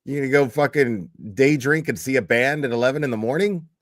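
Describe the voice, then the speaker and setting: A man's voice: mid-range voice, fast talker, dry recording, studio quality. A man hosting a call-in show, joking and teasing the caller, swearing casually. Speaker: host.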